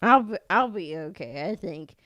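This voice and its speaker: A woman's voice: fairly low pitch, animated, normal speed, a bit bright, dry recording. A woman co-hosting a podcast in casual chat, playful and dramatic, laughing often. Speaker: podcast co-host.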